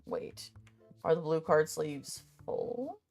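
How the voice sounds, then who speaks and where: Low-voiced sweary woman rambling. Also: very animated, slow pace, a little mellow, faint music behind. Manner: muttering to herself while making a list. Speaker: vlogger. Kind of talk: casual chat.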